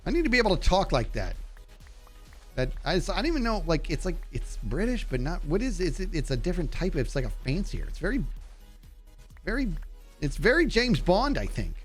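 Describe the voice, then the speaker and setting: Nasal man, gaming streamer, lively pitch swings, faint music under him. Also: brisk. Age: adult. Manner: chatty, reads and answers chat while playing. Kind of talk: casual gaming livestream chat.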